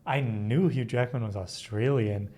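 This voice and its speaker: A man's voice: mid-range voice, unhurried, mellow. A young man with a Minnesota accent, co-hosting a reaction video in rambling, casual chat full of likes. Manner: rambling, filler-heavy.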